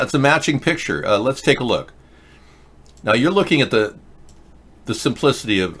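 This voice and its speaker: A man's voice: fairly low pitch, a bit bright. A man hosting a live-stream show, talking in a rambling, sarcastic way with frequent restarts. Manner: rambling, sarcastic, self-interrupting. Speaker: host. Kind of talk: casual live-stream commentary.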